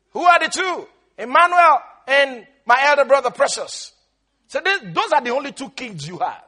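A male pastor preaching a sermon with animated delivery, drawing words out slowly for emphasis and breaking into laughter. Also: very high-pitched.

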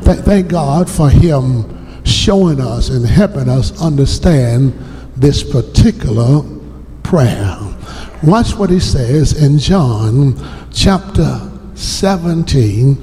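A male pastor delivering a sermon in a slow, deliberate preaching cadence and calling out to his congregation. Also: mid-range voice, animated, dark tone, long reverb tail, a little hiss or hum. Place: church sanctuary.

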